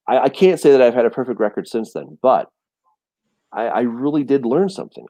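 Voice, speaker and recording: A man in a casual Bible discussion, animated and storytelling, often repeating words as he restarts. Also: mid-range voice, no echo. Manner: animated storytelling, acts out voices and quotes. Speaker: teacher of a Bible study show.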